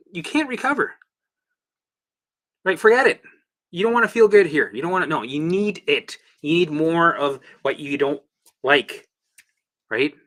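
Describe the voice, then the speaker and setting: A man's voice: a little high, sharp tone. A man talking casually as a recovery coach, blunt and swearing freely, acting out his own past reactions. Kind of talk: casual monologue.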